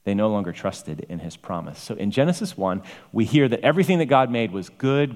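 A man's voice: lowish voice, animated, brisk, hardly any pauses, darkish tone. A man preaching a sermon with emphatic, varied delivery, rising to exclamations. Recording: long hall reverb.

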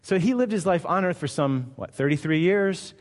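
A man's voice: high voice, expressive, moderate pace. A male pastor delivering a sermon, emphatic and conversational, firing off rhetorical questions. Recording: long hall reverb.

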